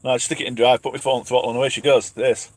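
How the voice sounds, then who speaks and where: A man's voice: medium pitch, level tone, racing, dry recording. Chatty self-mocking trucker man, dry sound. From England. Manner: chatty, self-mocking, laughs often, reads names aloud. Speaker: truck driver and channel host. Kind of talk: casual live-stream chat reading viewer questions. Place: truck cab parked up at night.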